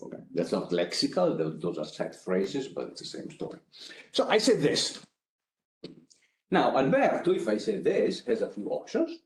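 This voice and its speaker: A man with an Italian accent giving an academic lecture, conversational and animated, often checking in with the audience. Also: on the low side, moderate pace, echoey room, slight background noise. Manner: animated, conversational, frequent "right?" asides.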